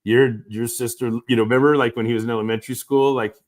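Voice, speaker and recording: A middle-aged father hosting a casual chat with his daughter, earnest and halting, often breaking off and restarting. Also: mid-range voice, fairly even intonation. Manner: halting, self-interrupting, earnest. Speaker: podcast host, father.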